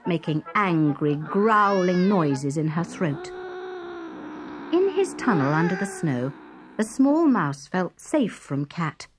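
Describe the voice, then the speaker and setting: A woman narrating a children's story in a gentle, expressive storybook manner. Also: on the low side. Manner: gentle, expressive read-aloud. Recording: music bed behind.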